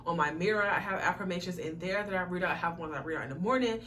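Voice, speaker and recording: Young woman vlogger, a bright and lively talker who curses casually, recorded a little off-mic with faint noise. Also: fairly low pitch, racing, far from the mic. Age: young adult. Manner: chatty, swears freely, excitable. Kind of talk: casual talk to camera.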